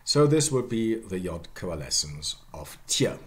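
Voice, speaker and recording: Man, lecturer, slow, swooping pitch, lowish voice, drawn-out example words. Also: sing-song, fairly bright tone. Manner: demonstrates pronunciations slowly, asks "okay?" often. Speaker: linguistics professor. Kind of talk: university lecture.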